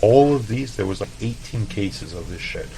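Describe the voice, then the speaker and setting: A man from El Paso, a chef, telling stories in a loose, profane, animated way on a podcast. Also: lowish voice, moderate pace, gravelly, a little hiss or hum, rough recording. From El Paso, Texas. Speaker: chef, interview guest. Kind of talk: casual storytelling.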